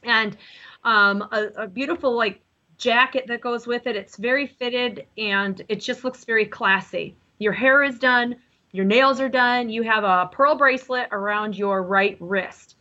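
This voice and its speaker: Woman psychic, chatty live reader, bright edge, lo-fi broadcast sound. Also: fairly high pitch. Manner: chatty, rambling, self-correcting. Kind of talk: live call-in psychic reading.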